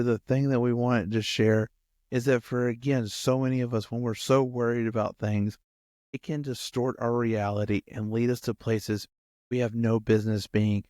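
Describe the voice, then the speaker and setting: A male campus pastor giving a lively sermon who acts out quotes and addresses his listeners directly. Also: medium pitch, no echo, clean studio sound.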